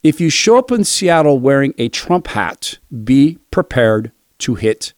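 Man, political commentator, sarcastic and mocking, mid-pitched voice, dry close sound. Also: lively intonation, normal speed, hardly any pauses, a little mellow, dry recording. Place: Seattle area.

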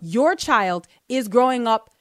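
A woman co-hosting a Christian talk show, earnestly teaching from the Bible and slowing down to read verses aloud. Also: fairly high pitch, lively intonation, no room sound. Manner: earnest, explains step by step, slows down to read verses.

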